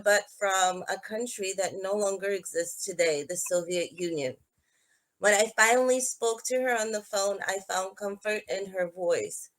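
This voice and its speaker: A woman hosting a live-streamed talk show, telling personal stories in an earnest, conversational way. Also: mid-range voice. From Georgia. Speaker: host. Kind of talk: live-stream podcast chat.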